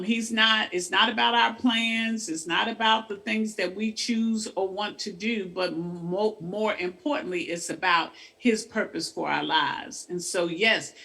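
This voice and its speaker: A man's voice: sits high, gravelly, pushed and bright. A man who is a minister, talking in an encouraging, preacherly way and often checking in with "right?". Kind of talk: faith-based casual chat.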